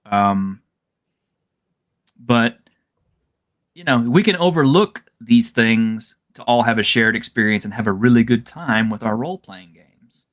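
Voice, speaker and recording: A man's voice: mid-range voice, unhurried, pauses often. A man co-hosting a casual discussion over a video call, rambling and filling his talk with "you know". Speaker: co-host.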